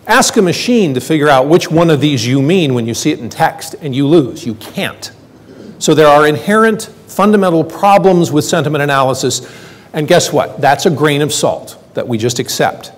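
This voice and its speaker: An older man giving a lively conference talk, joking with the audience and acting out quoted lines. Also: fairly high pitch, moderate pace. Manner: quipping, plays out quoted voices. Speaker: conference speaker. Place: lecture hall. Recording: hall reverb from stage.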